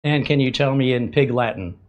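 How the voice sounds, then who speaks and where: An easygoing man hosts a tech show and banters with a voice assistant. He jokes often and stumbles through hesitant fillers. His voice sits at an ordinary middle pitch. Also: muffled recording. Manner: hesitant, joking, fills pauses with um and uh. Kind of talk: casual demo chat.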